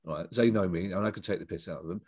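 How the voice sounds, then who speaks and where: A middle-aged comedian and writer rambles through stories in a casual interview, restarting often and tossing in self-deprecating asides. His low, husky voice is a little mellow and fast, with no room sound.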